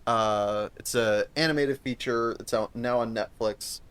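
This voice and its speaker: In a clear, resonant, fairly bright voice of medium pitch, a man co-hosting a podcast takes his time chatting about a movie. The talk is casual and rambling, full of profanity and frequent restarts.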